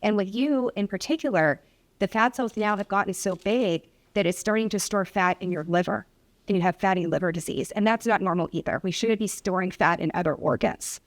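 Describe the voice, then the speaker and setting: Doctor presenting at a public hearing. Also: female voice, medium pitch, a little fast. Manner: storytelling with acted patient dialogue. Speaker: obesity specialist physician. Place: hearing room.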